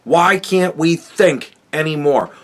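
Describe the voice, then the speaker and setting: A man's voice: fairly high pitch, slow pace. A man hosting a solo commentary podcast, ranting in a profane, sarcastic, exasperated way. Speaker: podcast host.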